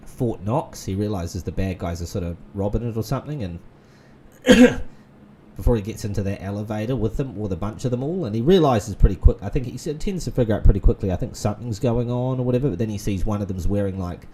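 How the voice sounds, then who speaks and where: A man's voice: lowish voice, lively intonation, quick pace, dark tone, slight background noise. A man, rambling in casual gaming commentary full of fillers and restarts. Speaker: gaming channel host. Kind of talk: casual let's-play commentary.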